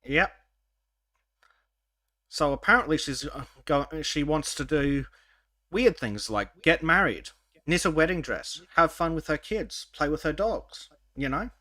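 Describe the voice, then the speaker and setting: A man hosting a podcast in casual chat, wry and sarcastic, with halting restarts. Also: fairly high pitch, lively intonation, pushed and bright, dry recording. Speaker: podcast host.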